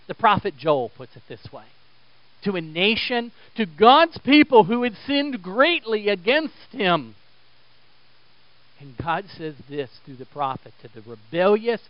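A man delivers a sermon in a high, smooth and resonant voice, pressing his points with strong emphasis and then pulling back to near-quiet intensity. The recording is dry and slightly muffled. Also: no echo. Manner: emphatic, swings between loud exhortation and quiet intensity. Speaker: pastor.

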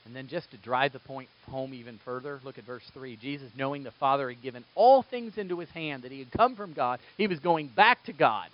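A man preaching a sermon, moving between quiet, low passages and loud, emphatic bursts. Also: a little fast, few pauses, muffled recording. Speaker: pastor.

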